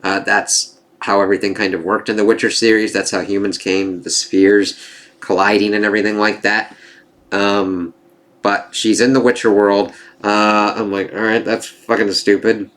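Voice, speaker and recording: A man giving a casual spoken review of a TV series, rambling and excitable, swearing freely as he goes. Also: lowish voice, moderate pace. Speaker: TV show reviewer.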